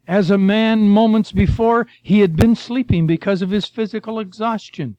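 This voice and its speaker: Older male preacher, folksy and storytelling, high voice, muffled dry sound. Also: moderate pace, a little mellow, no room sound. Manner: folksy, storytelling, addresses listeners as folks and friend. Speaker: preacher, former missionary. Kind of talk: sermon with Bible reading.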